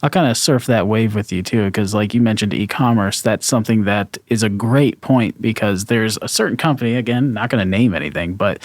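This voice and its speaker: A man with a lowish voice talks casually on a podcast, wandering through his explanations with lots of fillers. The sound is dry and close, with no room around it. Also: brisk, hardly any pauses, dry recording. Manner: loose, rambling explanations with many fillers.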